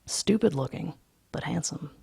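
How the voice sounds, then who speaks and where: A woman's voice: animated, normal speed, creaky, mellow, slightly rough, full character voice. A woman doing a cold, muttering young yuppie. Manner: low, muttered, half-whispered.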